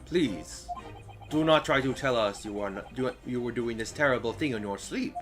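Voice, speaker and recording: A man's voice: medium pitch, moderate pace, faint music behind, close to an everyday voice. A man voicing a stern, accusing police officer with an attempted Russian accent and clipped, broken grammar.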